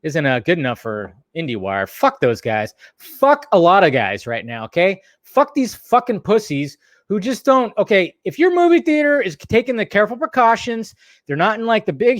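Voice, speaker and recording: A man's voice: high-pitched, sing-song, normal speed, no echo, studio quality. A man hosting a live stream, ranting heatedly and swearing often while a little tipsy from bourbon. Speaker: streamer host.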